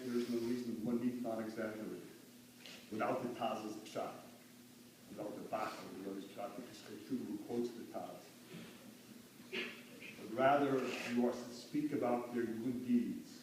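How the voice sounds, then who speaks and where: Man giving a funeral eulogy in a hall. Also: medium pitch. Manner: earnest, mixes Yiddish and Hebrew phrases, rises to fervent emphasis. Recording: echoey hall from far off, faint hum.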